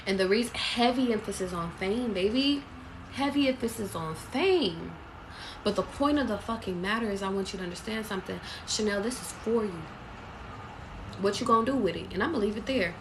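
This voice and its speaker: Woman tarot reader, mid-pitched, casual and blunt, swears freely, noisy background. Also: fast. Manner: casual, blunt and profane, streams intuitive messages. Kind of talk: live tarot reading.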